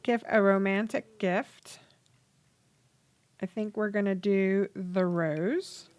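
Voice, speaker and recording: A woman's voice: medium pitch, fairly even intonation, slow pace, a little mellow. A woman hosting a casual let's play, chatting freely and swearing as she narrates the game. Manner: chatty, swears, laughs, voices characters. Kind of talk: casual gameplay commentary.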